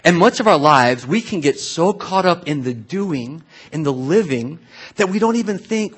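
A man's voice: fairly high pitch, expressive, normal speed, husky. A man preaching a sermon in a conversational, storytelling way, full of asides to the congregation. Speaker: pastor.

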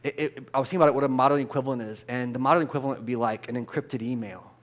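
Guy preaching a chatty sermon, trips over his words, gets loud and worked up on the big points. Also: mid-range voice, racing, slight background noise. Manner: informal, stumbling restarts and repeated words; grows loud and animated when emphasizing. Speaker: pastor. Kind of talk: conversational sermon.

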